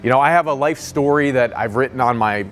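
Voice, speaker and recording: With soft music in the background, a man of medium pitch speaks fairly quickly, coaching on sales in a motivational way. He tells energetic stories and performs the quoted voices of their characters.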